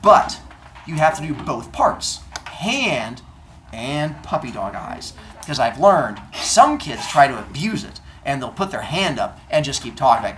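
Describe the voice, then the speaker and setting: Male teacher, mock-stern, deadpan jokes, swooping animated pitch, noisy classroom. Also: moderate pace. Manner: playful, mock-stern, acts out students. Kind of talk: classroom talk with deadpan humor.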